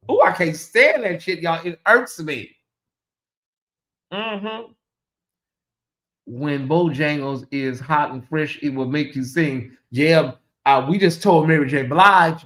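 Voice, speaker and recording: A man hosting a casual livestream, sassy and animated, often mimicking voices. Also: a little high, takes it slowly, pauses often. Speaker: host.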